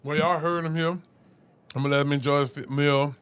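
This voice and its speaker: Lively New radio host, man. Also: on the high side, brisk, clear, resonant tone. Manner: lively, hypes the guest, laughs often. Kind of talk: casual radio chat. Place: radio studio.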